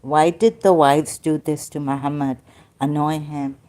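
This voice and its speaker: A woman in an unscripted debate, talking hesitantly with many fillers and restarts, and admitting she gets hyper and struggles to keep her voice gentle. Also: low-pitched, steady tone, unhurried. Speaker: debater in an online religious discussion.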